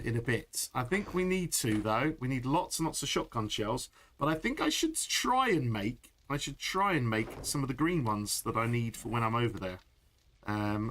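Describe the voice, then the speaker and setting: A man's voice: mid-range voice, a bit bright, a little hiss or hum. A middle-aged man chatting through a live gameplay stream, laughing often and answering chat. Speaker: game streamer.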